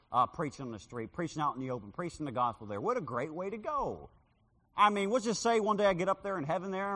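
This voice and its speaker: Animated preacher man in a reverberant hall. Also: a little high. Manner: dramatic, acts out voices in his stories. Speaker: street preacher. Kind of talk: sermon with personal story.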